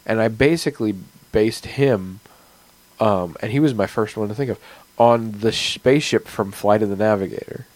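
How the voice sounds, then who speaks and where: A man's voice: fairly low pitch, moderate pace, darkish tone, no echo, poor audio. A man, a game master and podcast host, talking in a rambling, chatty way about his game and his week. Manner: rambling, chatty, frequent fillers. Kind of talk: casual podcast chat.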